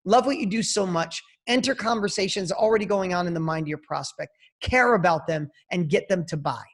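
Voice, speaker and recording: A man's voice: high voice, fairly quick. Emphatic, punchy man telling a story. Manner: emphatic, punchy, talks in bursts. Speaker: podcast guest, entrepreneur. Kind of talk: motivational storytelling.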